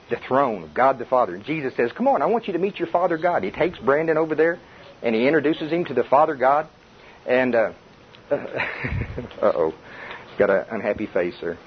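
Older preacher, folksy and chuckling, mid-pitched, on a dull taped recording with faint hiss. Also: male voice, animated, normal speed. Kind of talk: sermon. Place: church before a congregation.

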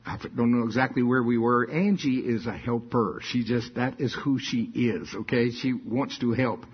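An older man delivers a sermon with a folksy, storytelling touch that swells into emphatic bursts. His voice is husky, and the recording sounds dull and lo-fi. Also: mid-range voice, steady tone, moderate pace. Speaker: preacher.

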